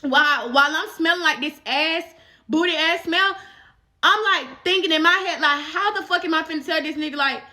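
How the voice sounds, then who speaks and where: A woman's voice: extremely high pitch, normal speed, pushed and bright. A young woman vlogger telling a story in casual, profane chat, full of fillers.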